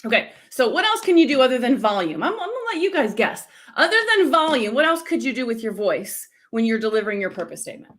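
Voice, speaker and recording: Lively, animated woman voice coach. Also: on the high side, fast talker, few pauses. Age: middle-aged. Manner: energetic, teacherly, checks in with "okay?". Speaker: speaking coach. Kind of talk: live-stream coaching lesson.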